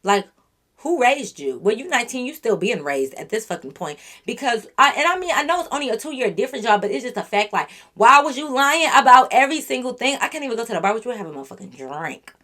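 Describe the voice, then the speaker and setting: A woman's voice: a little high, fast talker. A young woman telling a storytime on her channel, ranting bluntly and with lots of profanity at someone who lied to her. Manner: animated, blunt and profane, venting at the listener. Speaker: YouTube storyteller. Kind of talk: casual storytime rant.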